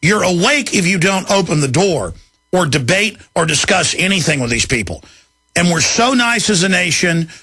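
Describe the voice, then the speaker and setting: A man, hosting a talk radio show in an angry, emphatic rant that climbs into shouting. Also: high voice, very animated, normal speed, slightly rough, no room sound, studio quality. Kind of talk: ranting talk radio monologue.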